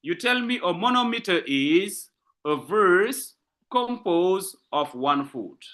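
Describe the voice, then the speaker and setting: A very animated man with a high, slightly bright voice and a French-speaking West African accent teaches literature online. He repeats examples and slows down to stress particular words.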